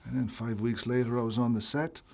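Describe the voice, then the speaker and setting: A man from Ireland, an actor being interviewed, telling stories in an animated way, restarting and repeating his words. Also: mid-range voice, brisk, vocal fry. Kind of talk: casual interview chat.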